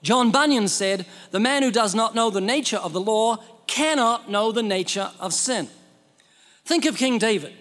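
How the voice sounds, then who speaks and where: A man's voice: high-pitched, expressive, normal speed, fairly bright tone, long reverb tail. A man preaching a sermon in an emphatic way, asking rhetorical questions.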